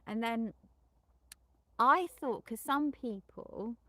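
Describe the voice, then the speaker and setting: A middle-aged woman, a sex therapist, talks slowly in a somewhat high, slightly bright voice with no echo. Her account of a client session is loose and rambling, full of restarts and self-corrections, and openly frank about explicit subjects.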